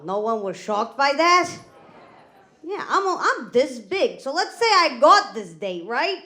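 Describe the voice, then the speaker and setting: A woman's voice: high-pitched, sharp tone. A young woman with a Boston accent doing a stand-up set, brash and self-mocking. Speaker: stand-up comedian.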